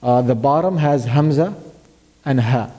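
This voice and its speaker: A man's voice: mid-range voice, a little slow, dark tone, in a large hall. A man teaching tajweed. He patiently explains where Arabic letters are pronounced, quizzes his student, and recites verses as examples. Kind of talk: tajweed lesson. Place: mosque classroom.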